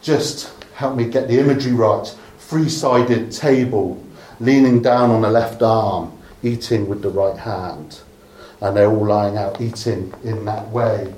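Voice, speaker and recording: Preacher from Dorset, echoey room. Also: male voice, on the low side, fairly even intonation, a little slow. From Dorset, England. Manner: conversational storytelling, humorous asides, softening to a hush at the close. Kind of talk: sermon.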